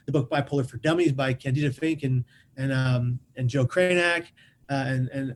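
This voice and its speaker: A man tells a personal story as a podcast guest in an animated way. His voice is fairly high, and he often repeats words as he rushes ahead. Faint noise sits under the recording. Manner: lively, repeats words while rushing on.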